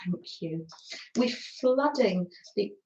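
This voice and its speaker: An older woman, hosting a craft livestream and chatting warmly to viewers by name as she reads their comments. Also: medium pitch, expressive, slow, roomy sound, dull audio.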